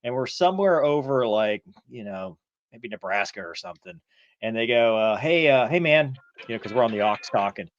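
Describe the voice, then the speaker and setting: Animated former fighter pilot telling stories. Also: male voice, medium pitch, a little fast, muffled recording, a little hiss or hum. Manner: animated storyteller, acts out radio calls. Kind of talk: casual storytelling chat.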